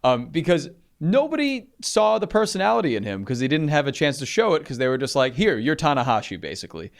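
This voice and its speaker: A man's voice: a little high, sing-song, fast, vocal fry. A man co-hosting a podcast, chatting casually and animatedly, swearing freely. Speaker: podcast co-host.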